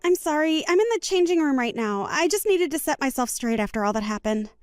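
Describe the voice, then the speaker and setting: A composed wronged young bride's guest. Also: female voice, high voice, lively intonation, no room sound, clean studio sound, soft background music. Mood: calm. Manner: measured, firm, reasonable. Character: calm young woman wronged at a wedding, composed. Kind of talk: voiced text-message story drama.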